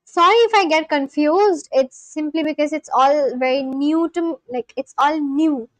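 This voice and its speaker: A young woman hosting a livestream, chatting casually with viewers, laughing often and correcting herself with quick apologies. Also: high-pitched, no room sound. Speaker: livestream host. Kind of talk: casual chat reading live chat aloud.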